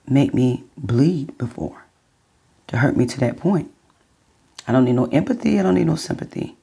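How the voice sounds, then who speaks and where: A middle-aged woman vlogging, telling her viewers a personal story in a chatty, unhurried way. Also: rumbling low, creaky, a little mellow.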